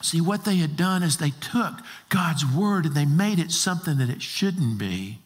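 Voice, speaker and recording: A man's voice: on the high side, lively intonation, moderate pace. A man preaching a sermon as a pastor, emphatic and full of rhetorical questions. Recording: long reverb of a large hall.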